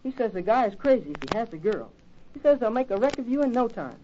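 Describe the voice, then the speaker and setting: A woman's voice: fairly high pitch, big pitch swings, fast, dark tone. A woman playing an eager, teasing young boy who gossips, in 1940s radio acting. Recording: dull old radio recording with faint hiss.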